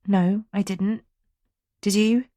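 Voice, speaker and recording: A woman voicing a smitten young woman who speaks in a hushed, secretive, amused whisper. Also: medium pitch, flat delivery, slow, no echo, studio quality, voice pushed up, natural voice. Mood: hushed, smiling.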